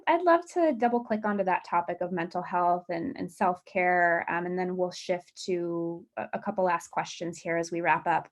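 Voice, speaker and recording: A woman moderating a webinar panel discussion, upbeat and steering the questions. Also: on the low side.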